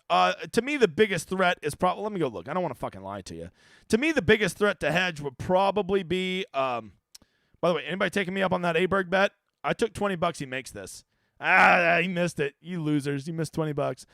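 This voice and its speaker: A man's voice: high voice, fairly bright tone, dry recording, clean studio sound. A man hosting a live stream on fantasy golf, joking and swearing as he reads viewer questions. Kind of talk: casual live-stream chat.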